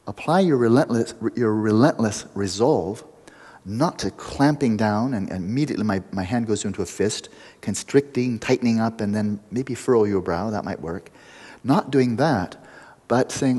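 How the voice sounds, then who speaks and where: Husky-voiced man teaching meditation, playful asides, long hall echo. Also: mid-range voice, expressive, moderate pace, dark tone. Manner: playful, joking asides within instruction. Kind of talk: retreat teaching talk.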